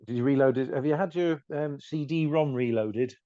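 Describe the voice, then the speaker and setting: A man's voice: medium pitch, normal speed, lo-fi sound. A man co-hosting a podcast, teasing and doubting his partner in dry, casual banter. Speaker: podcast co-host.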